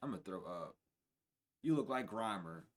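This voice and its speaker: A man giving a spiritual reading on a livestream in a casual, profane way, dropping to low mutters and then bursting out loud and laughing. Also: lively intonation, moderate pace. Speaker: spiritual reader.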